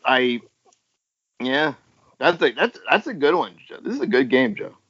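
A man's voice: medium pitch, sing-song, moderate pace, a bit bright, breathy edge. A man on a casual podcast answering trivia and reacting with groans and laughter. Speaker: quiz contestant on a podcast. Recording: dull lo-fi sound.

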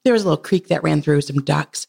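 A woman in her thirties, a podcast guest, telling a heartfelt personal story in casual conversation. She laughs often and leaps up in pitch when she quotes herself. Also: fast talker, gravelly, darkish tone, slightly rough. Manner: earnest and heartfelt.

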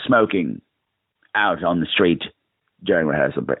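A campy, theatrical American man tells a sweary story down a phone line into his own voicemail. His pitch leaps and dives all over the place. The sound is thin and dry, like a cheap phone call. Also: sing-song, moderate pace, pauses often, breathy edge, dry recording. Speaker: podcast host.

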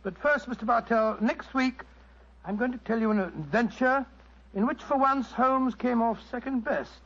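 A man's voice: extremely high pitch, normal speed, a bit bright, heavily acted. An actor playing an earnest, good-natured male doctor in a 1940s radio show. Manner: earnest, eager. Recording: dull lo-fi old radio recording.

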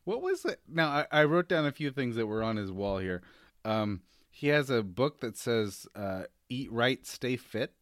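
A man's voice: mid-range voice, sing-song, measured pace, no room sound, studio quality. A man co-hosting a podcast in casual chat, chatty, reading from notes and laughing easily. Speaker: podcast co-host.

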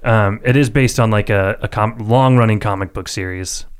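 A man hosting a podcast in casual chat, chatty and quick to laugh. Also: lowish voice, smooth. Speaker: podcast host.

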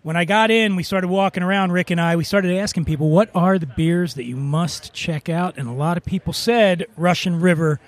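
A man's voice: sits high, moderate pace, hardly any pauses. A man hosting a podcast, interviewing people at an outdoor beer festival with a handheld mic and teasing his co-host. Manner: teasing, jokey. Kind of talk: casual on-site interview.

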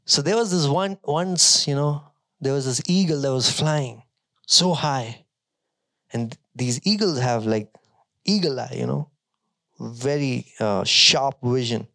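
A male pastor preaching a sermon, emphatic, moving between strong declarations and quieter storytelling. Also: mid-range voice, slow pace.

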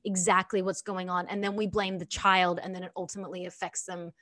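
A woman's voice: on the low side, level tone, a little fast, bright, forceful tone. A woman, hosting a podcast and chatting casually, peppered with "like". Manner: chatty, lots of "like", acts out quotes. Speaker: podcast host.

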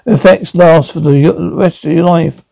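A man reads out a brisk alien sidekick in a low, gravelly, mellow voice, explaining things quickly and matter-of-factly. The recording is dry and close. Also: fairly even intonation, no room sound, rough recording.

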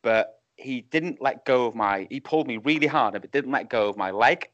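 A man's voice: mid-range voice, normal speed, a bit bright, dry recording. A man, a wrestling referee guest, telling rambling anecdotes with chuckles over a video call. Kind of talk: casual chat. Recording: muffled Skype call audio.

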